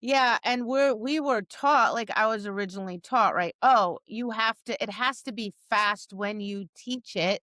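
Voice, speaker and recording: Woman, podcast co-host, casual chat, animated, bright tone, dry sound. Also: medium pitch, unhurried, few pauses, no echo. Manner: animated, acts out cheery voices and dog reactions. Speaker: podcast co-host, dog trainer.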